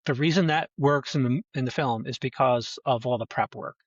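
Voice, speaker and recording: A man talking as a guest in a casual conversation, halting and restarting often, heard on dull lo-fi audio. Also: medium pitch, breathy edge, no echo. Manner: halting, many restarts and fillers. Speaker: filmmaker guest.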